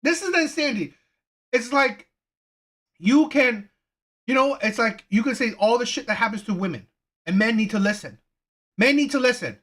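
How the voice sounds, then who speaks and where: A man giving heated reaction commentary with a bright, forceful edge. He repeats himself, swears freely and hammers every point as he rants. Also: extremely high pitch, expressive, normal speed, pauses often. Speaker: reaction channel host. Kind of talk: ranting video commentary.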